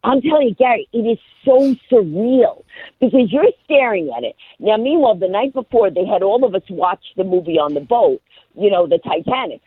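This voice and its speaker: A woman guest telling a story on a radio show in a lively way, acting out the people in it, over a phone line. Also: medium pitch, normal speed, breathy edge, dry recording. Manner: lively, acts out every character. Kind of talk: animated storytelling on a radio call-in.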